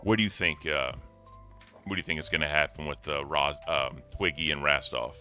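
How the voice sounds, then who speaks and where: A man with a deep voice hosting a casual livestream, announcing giveaways in a laid-back way. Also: moderate pace, sharp tone, faint music behind. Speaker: livestream host.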